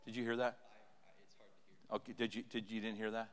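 A man's voice: on the low side, little pitch movement, moderate pace, clear, resonant tone, big-room sound. A man preaching an impassioned sermon as pastor, building to fervent cries. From Canada. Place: church sanctuary.

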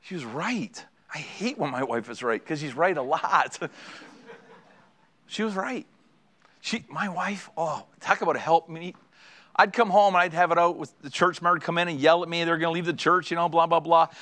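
A middle-aged male pastor delivering a sermon, lively and joking as he acts out little scenes from married life. His voice sits a touch higher than most men's. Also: normal speed. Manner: animated storytelling, acting out conversations; joking, draws audience laughter.

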